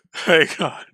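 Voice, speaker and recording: Man streaming a game, laughs a lot, slow, bright, husky, lively pitch. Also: no echo, studio quality. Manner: laughs often, playful. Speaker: let's play streamer. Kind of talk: casual gameplay commentary.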